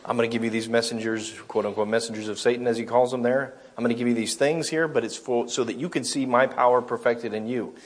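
Male preacher, husky voice, reads scripture then explains it in plain sermon talk. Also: mid-range voice, steady tone, fast, few pauses. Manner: reads scripture aloud, then explains it, with small self-corrections.

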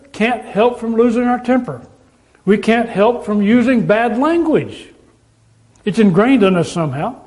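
A man preaching a sermon, emphatic and repetitive, with pauses and restarts. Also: sits high, a little mellow.

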